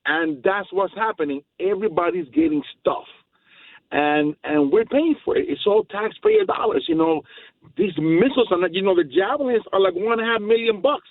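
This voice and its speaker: A man's voice: sits high, big pitch swings, normal speed, creaky, no echo. A man calling in to a talk radio show, making his points in an emphatic, rambling way. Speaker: caller. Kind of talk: casual phone-in chat. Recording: tinny phone line.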